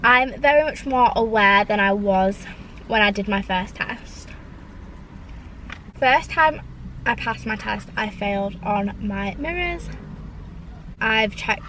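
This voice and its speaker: A woman's voice: medium pitch, a little slow, fairly bright tone, a little hiss or hum, rough recording. A young woman chatting casually in her parked car, rambling with lots of "like"s. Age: young adult. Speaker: vlogger. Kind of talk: casual chat.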